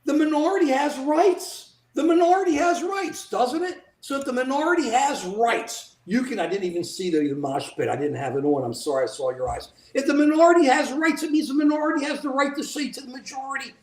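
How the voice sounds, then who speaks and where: Livestream political co-host, indignant and animated, average pitch, roomy echoey sound. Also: quick pace, hardly any pauses. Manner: indignant, animated, mimics politicians in quoted asides. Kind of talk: casual political commentary. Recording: echoey room.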